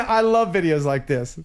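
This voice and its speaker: A man hosting a casual live stream who laughs often and reads viewer messages aloud. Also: fairly high pitch. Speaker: host.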